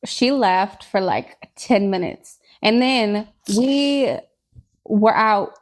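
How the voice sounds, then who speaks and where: A woman, a podcast co-host telling personal stories in casual chat, blunt and candid with dark humor. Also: medium pitch, animated, very slow. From Tennessee, USA. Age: 20s.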